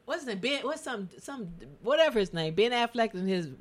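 A woman's voice: on the high side, fairly quick. Laughing woman telling a story. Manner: animated storytelling with frequent laughter. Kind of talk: casual chat.

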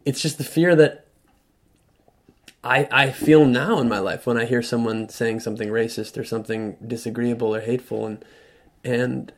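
A man as an interview guest, telling a personal story in a thoughtful, halting way with frequent restarts. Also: medium pitch, fairly even intonation. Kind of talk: reflective storytelling conversation.

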